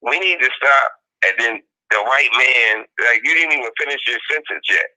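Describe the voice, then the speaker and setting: A man talking through a clip in loose, casual commentary, his voice very bright and forceful. He keeps coming back to the same points and mimics what he quotes. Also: mid-range voice, normal speed, rough recording. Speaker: podcast co-host.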